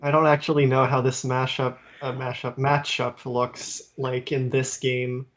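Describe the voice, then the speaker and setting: A man joining casual video game commentary who talks hesitantly and candidly and trips over his words. His voice sits at an ordinary middle pitch. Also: flat delivery, measured pace, fairly bright tone.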